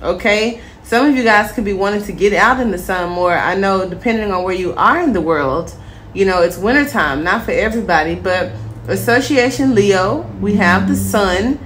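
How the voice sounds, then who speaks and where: A woman's voice: medium pitch, moderate pace, roomy sound, slight background noise. Chatty woman giving a tarot reading. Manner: chatty, encouraging, addresses viewers as "my star" and "my healers"; relaxed, with many fillers. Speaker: tarot reader. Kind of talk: casual tarot reading to viewers.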